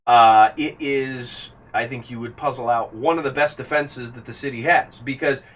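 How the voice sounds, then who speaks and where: A distant-sounding male game master. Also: medium pitch. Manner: descriptive, pausing with fillers. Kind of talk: narrating a tabletop game. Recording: distant mic, faint background hiss.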